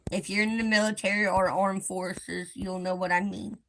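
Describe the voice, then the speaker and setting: A woman hosting a live stream, speaking to her viewers in a gentle, reassuring way. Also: mid-range voice, flat delivery, normal speed, noisy background. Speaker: livestream host.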